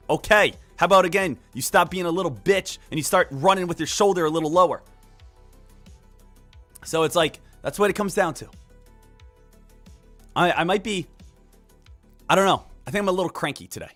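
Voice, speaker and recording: A man streaming live market commentary, energetic and emphatic, repeating key points and joking with viewers. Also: high voice, normal speed, long pauses, soft background music. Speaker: day trading live streamer.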